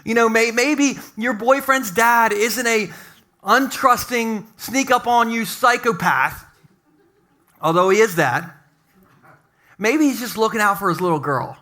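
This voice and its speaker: Man, pastor, sermon, humorous and animated, high bright voice, church congregation. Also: unhurried. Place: church service with a live congregation.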